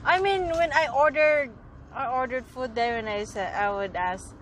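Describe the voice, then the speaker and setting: A woman's voice: high voice, moderate pace, slight background noise. Chatty Filipino woman vlogging in a car. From Philippines. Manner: chatty, explaining with restarts and laughs. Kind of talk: casual chat.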